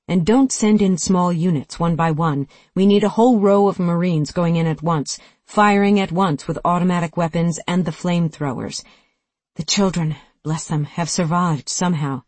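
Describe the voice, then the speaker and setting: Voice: medium pitch, darkish tone, dry recording, lightly acted. A narrator doing a commanding ex-Marine woman. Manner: commanding, urgent. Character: former woman Marine, forceful and impatient.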